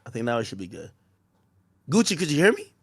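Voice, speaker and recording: A man's voice: fairly high pitch, wildly swooping pitch, fast, a bit bright, husky. A man interviewing a guest on a casual stream, stammering through his questions with many restarts.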